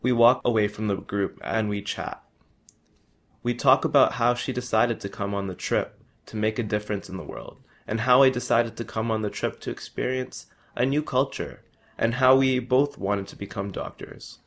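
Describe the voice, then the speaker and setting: A man's voice: medium pitch, moderate pace. A young man earnestly reading his personal travel story aloud. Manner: earnest, with small restarts.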